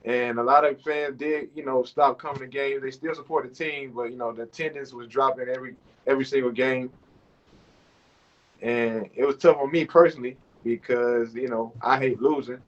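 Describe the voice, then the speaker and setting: A man's voice: medium pitch, moderate pace. Rambling man in his thirties on lo-fi call. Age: 30s. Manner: relaxed and rambling, with many fillers. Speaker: overseas basketball player, guest. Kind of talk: casual interview chat. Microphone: video call. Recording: lo-fi internet call audio.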